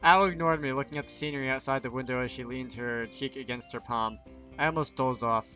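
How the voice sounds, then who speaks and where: A man's voice: medium pitch, fairly quick, sharp tone, faint music behind. A man reading a visual novel aloud in first person, dropping joking asides between lines.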